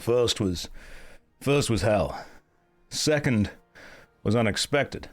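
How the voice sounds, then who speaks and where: A man hosting a casual game stream in a groggy, just-woken-up voice. His tone sits very low and deep, and he jokes drily at his own expense. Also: expressive, takes it slowly, soft background music. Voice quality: groggy morning voice. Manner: dry, joking, self-mocking. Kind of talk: casual live-stream chat.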